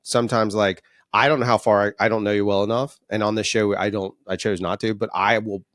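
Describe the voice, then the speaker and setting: A man hosting a podcast, explaining his interview methods in halting restarts and laughing at his own jokes. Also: on the low side, little pitch movement, fairly bright tone, no room sound, clean studio sound. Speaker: podcast host and documentary interviewer. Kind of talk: casual conversation.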